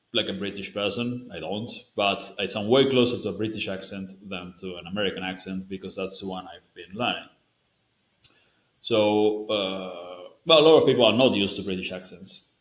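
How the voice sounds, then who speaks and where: A man's voice: on the low side, fairly even intonation, a little slow, fairly bright tone. A man from Spain answering a viewer's question about pronunciation in a casual, rambling way, with many fillers and restarts. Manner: rambling, self-correcting, with frequent fillers. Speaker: language-learning video creator. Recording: roomy echo.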